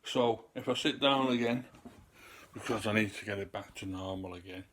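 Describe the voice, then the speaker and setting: A man's voice: lowish voice, normal speed, a bit bright, slight background noise. A man, rambling in a loose, chatty way to camera and sometimes getting out of breath. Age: 30s. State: out of breath at times. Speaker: vlogger. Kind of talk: casual talk to camera.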